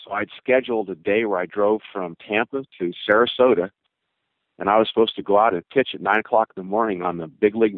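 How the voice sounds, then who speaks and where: An older man, a former baseball pitcher, telling a long story in a rambling way, with restarts and quoted voices of others. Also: no room sound. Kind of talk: casual spoken storytelling. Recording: narrow phone-like dry sound.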